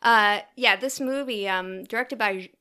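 A woman co-hosting a podcast in casual chat, relaxed and wry with some hesitation. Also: medium pitch, moderate pace, clean tone. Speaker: podcast co-host.

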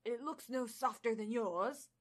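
A woman reading a soft-spoken thunder god. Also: a little high, unhurried. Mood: tender. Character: tender, courtly male thunder god. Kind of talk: fan fiction read aloud.

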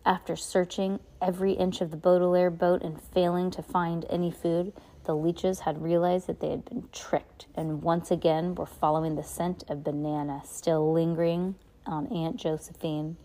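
A woman's voice: fairly low pitch, little pitch movement, moderate pace, mellow, low-quality recording. A woman reading a novel aloud in a casual way, stumbling and restarting now and then. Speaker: reader.

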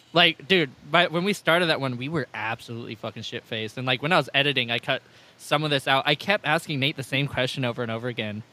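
A man's voice: mid-range voice, a little fast, bright, forceful tone. A man hosting a casual podcast chat, rambling and swearing freely. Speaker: podcast host.

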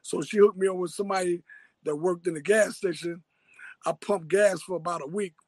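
A man's voice: high-pitched, fairly even intonation, brisk, darkish tone, dry recording, poor audio. A man from Harlem with a New York accent, telling a story in loose street slang as an interviewee. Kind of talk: casual storytelling.

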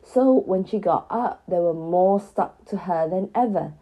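A woman reading a children's story aloud in a gentle, even storyteller manner. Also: on the low side, unhurried, phone-quality sound.

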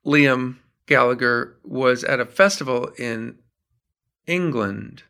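A middle-aged songwriter from Minnesota, chatting as an interview guest and telling animated stories. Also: male voice, mid-range voice, slow pace, clean tone. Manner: animated storyteller, acts out quotes. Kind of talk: casual interview chat.

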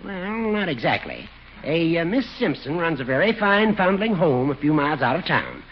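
An actor playing a dry, teasing older judge and lawyer in a 1940s radio comedy, with a drawling, mock-pompous manner. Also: male voice, on the high side, sing-song, moderate pace, slight background noise. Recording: dull 1940s radio recording.

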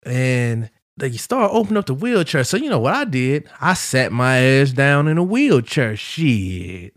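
Male podcast host, mid-pitched, casual profane storyteller, dry close sound. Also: a little slow, no room sound. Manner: profane, animated, quotes people in his story.

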